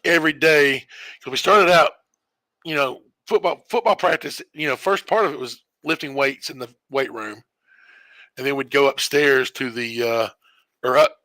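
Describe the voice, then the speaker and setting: Bright-voiced man rambling through a story. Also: mid-range voice, no echo. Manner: rambling, self-correcting storyteller who chuckles often. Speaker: streamer. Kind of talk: casual storytelling while gaming.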